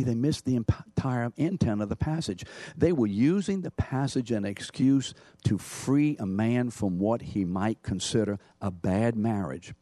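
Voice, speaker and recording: A man preaching a sermon with forceful emphasis, his voice low and warm. He swings between rising, stressed phrases and quieter drops. The sound is close and dry. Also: no echo. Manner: emphatic preaching, rising and falling in pitch and loudness. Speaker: pastor.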